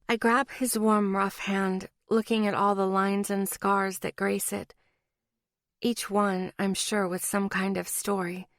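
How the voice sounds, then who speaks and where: A woman's voice: medium pitch, no room sound, studio quality. A woman narrating a romance audiobook in the first person, intimate and emotional.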